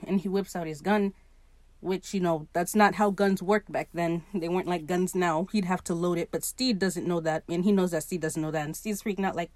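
A woman's voice: on the low side, a little fast, a little mellow, no room sound. A woman hosting her own show, giving casual, blunt commentary on a TV episode with sassy, profane asides. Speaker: podcast host reviewing a TV episode.

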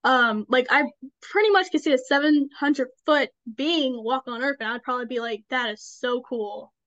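Chatty higher-voiced woman host, lo-fi. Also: moderate pace, a bit bright, no room sound. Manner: chatty, frequent fillers and affirmations. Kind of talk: casual interview chat. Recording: dull, slightly lo-fi dry sound.

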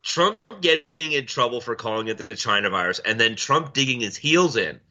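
A man's voice: lively intonation, brisk. A man co-hosting a podcast, telling stories in blunt, profane casual chat and mimicking people he argued with. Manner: blunt, profane storytelling, mimics people in loud high voices. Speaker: podcast co-host. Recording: dull lo-fi audio.

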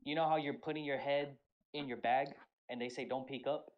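In a muffled recording, a young man with a medium-pitched voice speaks a little fast. Co-hosting a podcast, he animatedly recounts an army story, swearing plenty and performing the lines people said.

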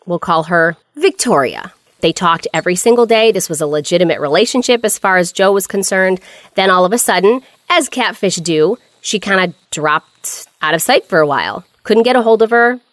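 A woman's voice: lowish voice, expressive, moderate pace, no echo. A woman co-hosting a podcast, telling a story in a chatty, wry way. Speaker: podcast co-host. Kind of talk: casual storytelling chat.

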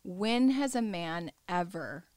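A woman hosting a podcast, chatting casually, agreeing often and filling pauses with quick yeahs. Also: fairly low pitch, expressive, darkish tone, no room sound. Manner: agreeable, many affirming yeahs and fillers. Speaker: podcast host. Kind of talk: casual chat.

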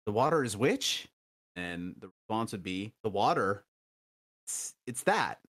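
Slow, lively-voiced man co-hosting a lesson. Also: fairly low pitch. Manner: relaxed, laughs often, repeats example phrases. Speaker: co-host. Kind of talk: casual language lesson podcast.

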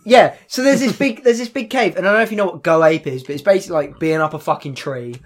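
A man's voice: a little high, fast. A young man in his twenties, a podcast host, telling a story in casual chat, swearing often and tripping over his words. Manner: animated storytelling, swears a lot, stumbles and repeats.

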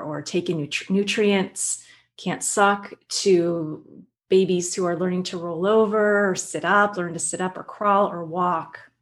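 A woman guest who works with children, explaining her work in an animated way and telling stories. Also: lowish voice. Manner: animated storyteller, acts out quotes. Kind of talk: conversational explanation with anecdotes.

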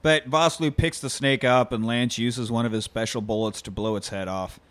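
A man's voice: medium pitch, fairly even intonation, moderate pace, dry recording. A man from Wisconsin co-hosting a podcast, recapping a movie's plot in casual, profane banter with a wry edge. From Wisconsin, USA. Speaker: podcast co-host.

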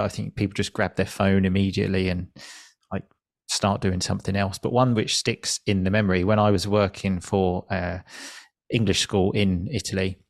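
A man's voice: low voice, gravelly, dry recording, clean studio sound. A man who teaches English, telling a story in an easy, rambling conversational way. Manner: relaxed, anecdotal, with fillers like "like".

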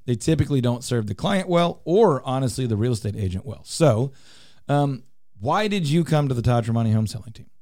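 A man's voice: medium pitch, animated, a little fast, warm tone, no echo. A man hosting a radio show in a studio, talking in an upbeat, teasing, salesy way. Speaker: radio show host and real estate team leader. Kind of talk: casual radio talk.

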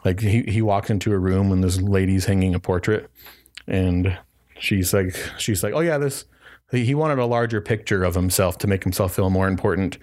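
A man's voice: low-pitched, steady tone, moderate pace, darkish tone. A man in his thirties co-hosting a podcast, retelling film jokes in casual chat and laughing as he goes. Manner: rambling, laughs while telling jokes. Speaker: podcast co-host.

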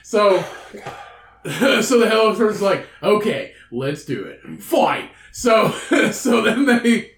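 A man with a fairly high voice rambles through a crude, profanity-laced story in casual podcast chat. His voice rings in a roomy, echoey space. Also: big pitch swings, slow, fairly bright tone. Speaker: podcast co-host.

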